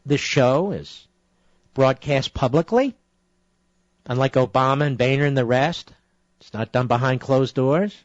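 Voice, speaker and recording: A man's voice: mid-range voice, unhurried, long pauses, dry recording. A middle-aged man hosting a political talk radio show, combative and often rising into indignant tirades. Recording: dry, slightly dull radio broadcast audio.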